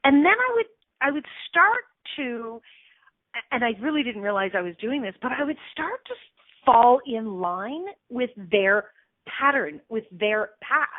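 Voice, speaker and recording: A woman's voice: on the high side, a little slow, no echo. Woman hosting self-help radio over phone line. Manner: expressive, acts out anxious inner voices. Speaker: radio show host.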